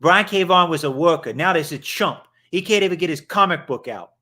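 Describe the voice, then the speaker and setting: A man's voice: on the high side, animated, a little fast, pushed and bright, voice pushed up. A man impersonating a ranting middle-aged comic shop owner with a New York accent, unhinged and blunt.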